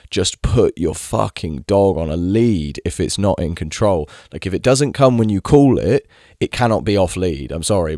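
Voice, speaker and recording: A man's voice: low-pitched, a little mellow, dry recording, clean studio sound. A young man ranting in a casual monologue, exasperated, swearing freely and mimicking people mockingly. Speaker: video creator.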